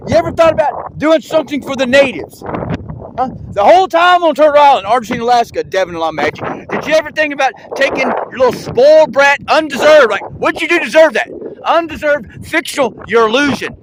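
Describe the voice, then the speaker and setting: High-voiced ranting man in the wind. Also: expressive, fairly quick. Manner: accusatory, rambling, many restarts and rhetorical questions. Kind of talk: ranting monologue addressed to another creator.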